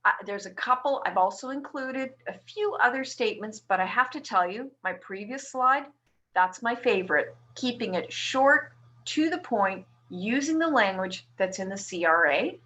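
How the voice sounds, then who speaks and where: A woman's voice: fairly high pitch, expressive, moderate pace, bright, forceful tone. A woman nurse from Canada presenting a webinar, explaining a tax form step by step to patients. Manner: explanatory, walks through form slide by slide.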